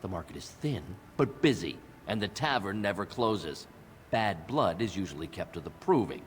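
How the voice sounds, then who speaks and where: A deep, gruff dwarf captain. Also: male voice, lively intonation, normal speed, big-room sound, slight background noise. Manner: blunt, weary, plain-spoken.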